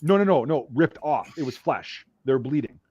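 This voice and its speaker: A man's voice: medium pitch, normal speed, husky, no room sound. Profane storytelling man, dull dry sound. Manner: profane, animated, acts out drill sergeants' shouts. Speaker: podcast host. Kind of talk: casual storytelling.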